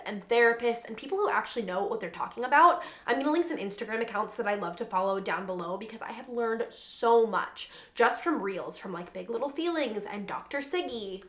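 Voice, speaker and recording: A woman's voice: a little high, a bit bright. A young woman, a mother of toddlers, giving casual parenting advice in an earnest, chatty way, often saying "like". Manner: chatty, earnest, frequent "like" fillers. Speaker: parenting vlogger. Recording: echoey room.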